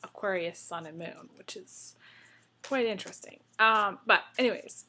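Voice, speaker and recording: A woman's voice: medium pitch, normal speed, sharp tone, a little hiss or hum, poor audio. Emotional rambling woman tarot reader. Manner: rambling, many fillers and restarts, emotional. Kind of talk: casual spoken tarot reading.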